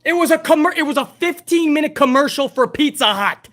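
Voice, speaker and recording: A woman's voice: high-pitched, lively intonation, brisk, fairly bright tone. A woman hosting a live wrestling review stream, ranting bluntly and heatedly with plenty of profanity. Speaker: wrestling show host.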